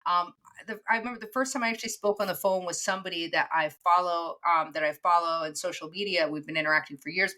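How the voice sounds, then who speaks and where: A woman with a mixed East Coast American accent, chatting casually as a podcast co-host and rambling with frequent laughs. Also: lowish voice. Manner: rambling, animated, laughs often. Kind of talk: casual chat.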